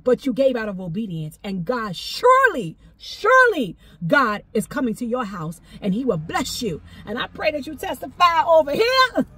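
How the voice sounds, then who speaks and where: A woman giving a fervent prophetic exhortation, repeating phrases and breaking into shouts of praise. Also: high voice, husky. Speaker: prophetic minister.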